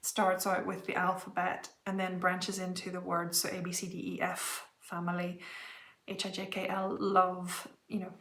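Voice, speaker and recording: A woman's voice: lowish voice, completely flat delivery, moderate pace, a bit bright. Chatty woman in a roomy room. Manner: chatty, laughs often, apologetic asides. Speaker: flosstube host. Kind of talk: casual show-and-tell chat.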